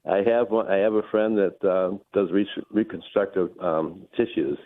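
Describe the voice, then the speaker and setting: A man calling a radio show, talking hesitantly with many pauses. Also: sits low. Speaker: caller. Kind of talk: phoned-in radio call. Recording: tinny phone line.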